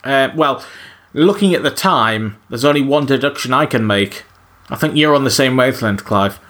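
A man's voice: mid-range voice, animated, moderate pace, fairly bright tone. A man in casual podcast chat, enthusiastic and trailing into fillers.

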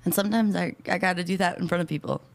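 A woman's voice: lowish voice, very fast, creaky. A woman co-hosting a podcast, chiming in with dry, teasing interjections in casual chat. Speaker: podcast co-host.

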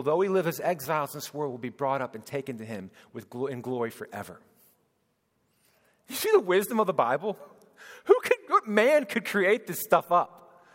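High-voiced preacher in a reverberant hall. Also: male voice. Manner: swings from loud proclaiming to hushed, tender speech. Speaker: pastor. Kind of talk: sermon.

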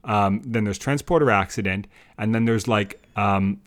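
A man's voice: fairly low pitch, normal speed. A man co-hosting a podcast, chatting casually and rambling through an episode with lots of restarts, often asking his co-host questions.

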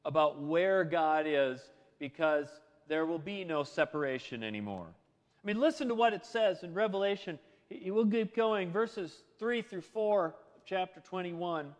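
A man's voice: high-pitched, animated, a little slow, in a large hall. A man preaching a sermon in a conversational way, full of rhetorical questions. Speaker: pastor.

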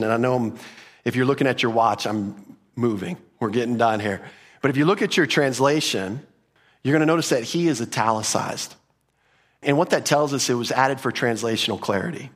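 A man pastor teaching a conversational sermon in a church, with quick asides to the room. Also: medium pitch.

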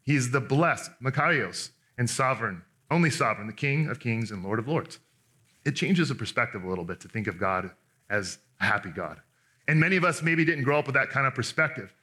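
A man preaching a sermon in an animated, conversational way, restarting often and acting out the people he quotes. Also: medium pitch, a little fast. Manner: acts out quoted speakers in voices. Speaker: pastor.

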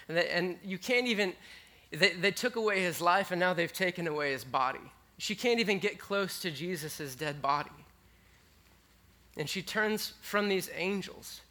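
A male preacher with a high, bright voice. He talks to his congregation in a casual, conversational way. He goes quiet and intimate, then rises with animated energy. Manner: conversational, animated, swinging between hushed and excited. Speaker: pastor. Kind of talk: sermon.

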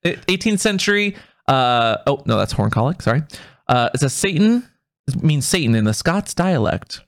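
A man's voice: mid-range voice, very animated, moderate pace. A man co-hosting a casual podcast, teasing and laughing often as he reads out old slang. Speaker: podcast co-host.

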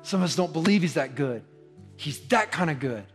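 Preaching as a pastor, a man speaks in a brisk, expressive, fairly high voice, earnest and repetitive, his delivery building in intensity. The recording has a long hall reverb and faint guitar music.

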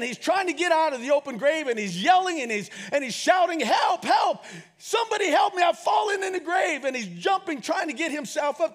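A man preaching a sermon, leading the congregation in call and response and rising to shouts as he tells a story. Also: extremely high pitch. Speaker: pastor.

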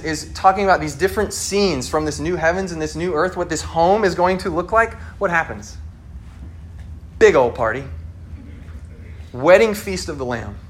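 This man's voice is high-pitched and a little bright. He's a pastor giving a relaxed, chatty sermon, performing the voices of those he quotes.

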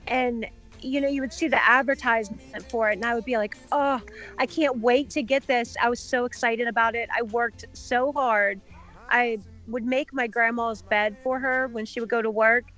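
Chatty woman on a podcast, somewhat high. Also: steady tone, moderate pace, bright, forceful tone, faint music behind. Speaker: podcast guest and contributor. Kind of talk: casual podcast chat.

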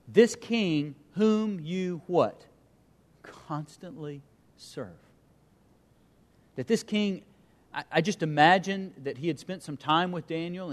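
A man preaching a sermon and reading scripture aloud, pausing for emphasis and letting his voice dip and swell. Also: fairly high pitch, big-room sound. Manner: reads scripture aloud, pauses for emphasis, dramatic dips and swells. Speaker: pastor.

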